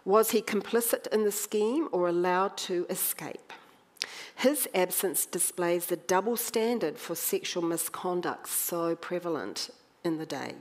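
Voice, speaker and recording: A woman preaching a sermon, conversational and animated, with wry humour as she tells the story. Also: medium pitch.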